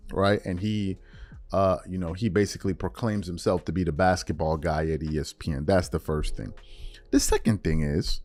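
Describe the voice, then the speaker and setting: A man's voice: low voice, a little mellow, dry recording. A man hosting a podcast, giving his opinion in casual talk that rambles with many fillers and repeats. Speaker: podcast host.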